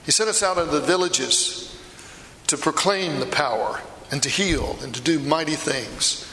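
Passionate middle-aged fisherman apostle Peter, played by a man in a sermon, bright edge, long hall reverb. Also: a little high, moderate pace, slight background noise. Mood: earnest. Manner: storytelling, emphatic, confiding asides. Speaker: preacher performing a first-person monologue. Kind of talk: dramatic monologue sermon.

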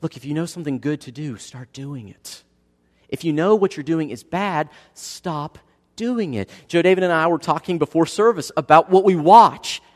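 A man with a slightly high voice delivers a sermon in a church sanctuary, his words trailing off into a long hall reverb. He shifts between quiet, drawn-out lines and loud, driving peaks as he preaches. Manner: dynamic preaching, swings from hushed to loud. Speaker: pastor.

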